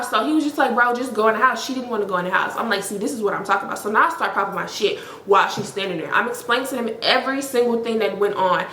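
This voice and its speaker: A young woman, telling a story in a casual, animated way with lots of emphasis. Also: fairly high pitch, quick pace, few pauses, roomy sound, slight background noise. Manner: animated, emphatic, heavy use of "like". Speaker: storytime vlogger.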